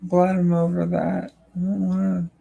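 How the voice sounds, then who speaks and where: A young adult streamer drawls through a casual chat with viewers, the voice gravelly with fry. The delivery stays flat and monotone, full of halting "like" and "uh" fillers, with a tired, low-energy feel. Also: dull audio. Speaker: livestreamer answering chat.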